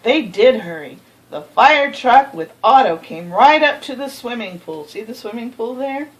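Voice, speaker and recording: A woman reading a children's picture book aloud, expressive, with gasps and asides to the listener. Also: fairly high pitch, normal speed, rough recording. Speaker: storybook reader.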